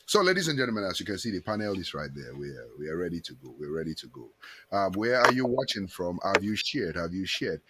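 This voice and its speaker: A man's voice: deep voice, very animated, fast, heavy background noise. A man hosting a live-stream chat show, reading out viewer comments and greeting them in a chatty, repetitive way. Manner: chatty, reads out viewer comments, repeats himself. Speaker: talk show host.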